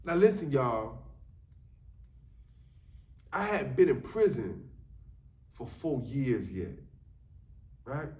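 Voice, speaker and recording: A man's voice: mid-range voice, sing-song, slow pace, pauses often, a little mellow, far from the mic. A man telling stories from prison in a loose, casual way, often saying "you know what I'm saying". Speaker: storyteller sharing his prison experience. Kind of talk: casual storytelling monologue. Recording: echoey room, voice a bit off-mic.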